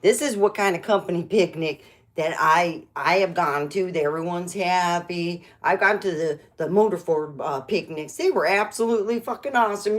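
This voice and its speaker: A woman's voice: lowish voice, moderate pace, darkish tone. Chatty woman rambling through comedy talk. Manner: chatty, meandering, frequent restarts. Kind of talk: rambling stand-up monologue.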